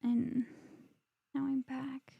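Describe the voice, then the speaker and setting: A woman co-hosting a casual podcast chat, chatty and quick to laugh, reading viewer comments aloud. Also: high voice, little pitch movement, vocal fry, husky, dry recording, narrow, tinny audio. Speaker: podcast co-host.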